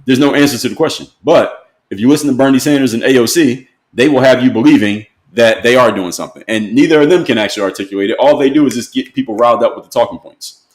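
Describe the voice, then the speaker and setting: A man's voice: mid-range voice, quick pace. A man delivering a blunt, emphatic opinion monologue as a motivational speaker, lecturing his audience directly.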